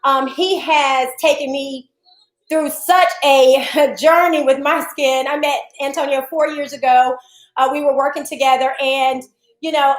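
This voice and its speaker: Bubbly high-voiced woman hosting a livestream. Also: roomy sound, poor audio. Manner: bubbly, greets viewers by name, laughs often. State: a little winded. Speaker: host of a livestreamed beauty and self-love show. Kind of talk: casual livestream chat. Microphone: device streaming to social media.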